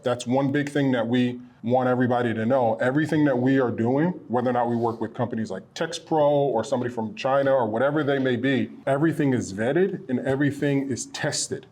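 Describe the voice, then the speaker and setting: A man who owns a printing supply business, chatting casually and a bit ramblingly as he pitches products from his small shop. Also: darkish tone. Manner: rambling, self-correcting, earnest. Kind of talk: casual promotional chat. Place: their small shop location.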